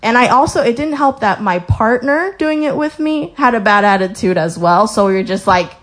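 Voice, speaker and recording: A young woman gives a casual sermon testimony in a fairly high voice. She tells stories in a lively way, acts out the people in them, and reads scripture aloud. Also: moderate pace. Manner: lively storytelling with acted-out quotes. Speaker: speaker sharing a testimony.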